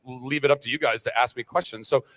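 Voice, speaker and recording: A man's voice: fast, in a large hall. A middle-aged actor on a fan convention panel, rambling, swearing and laughing as he talks to the crowd. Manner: animated, rambling, swears, laughs, goes loud and high. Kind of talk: freewheeling panel talk to fans.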